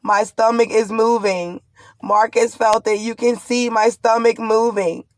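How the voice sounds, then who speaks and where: Speaking a little slowly in a fairly high, steady voice, a pregnant vlogger tells the camera about a frightening ordeal. The distressed account is urgent, rambling and fearful, and the recording is dry.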